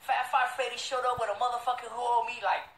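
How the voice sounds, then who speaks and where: A middle-aged man, telling a street story as a show host, loud and profane, putting on the voices of the people in it. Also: very high-pitched, level tone, fast, gravelly. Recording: roomy echo.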